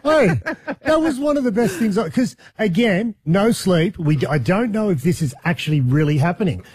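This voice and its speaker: A man's voice: high-pitched, animated, normal speed, a little mellow, husky, dry recording. A man hosting a radio show, playful and teasing. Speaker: radio host. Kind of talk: casual radio banter.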